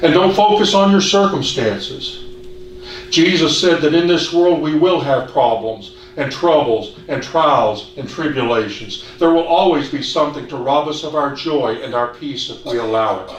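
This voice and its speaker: A man preaching a sermon in an earnest, measured way, asking the congregation questions. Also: fairly high pitch. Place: church hall. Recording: echoey hall, distant mic, faint hiss.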